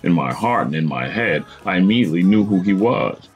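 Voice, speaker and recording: A man's voice: low voice, animated, brisk, soft background music. A man hosting a podcast, narrating a tense personal story in a dramatic, vivid way. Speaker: podcast host.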